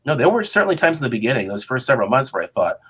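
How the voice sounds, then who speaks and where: A man in his fifties, a TV journalist guest, telling animated stories and acting out his past thoughts. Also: medium pitch, rapid-fire, breathy edge. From Boston area. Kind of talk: storytelling in interview.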